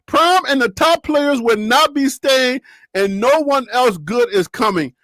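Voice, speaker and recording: A woman hosting a casual live sports talk show, animated and laughing often as she teases her co-hosts. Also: high voice, a little slow, no room sound, clean studio sound.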